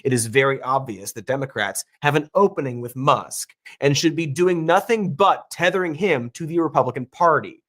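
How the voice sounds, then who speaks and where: A man's voice: medium pitch, moderate pace, few pauses, fairly bright tone. A man reading scripted political commentary in a sarcastic, mocking tone, played as a clip. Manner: sarcastic, dry mockery.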